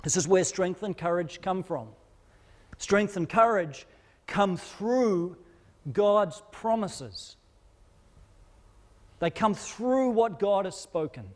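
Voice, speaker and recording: A man's voice: high-pitched, animated, slow pace, long pauses. A man preaching a sermon as pastor, in a conversational, informal way with frequent repeated words. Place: church auditorium.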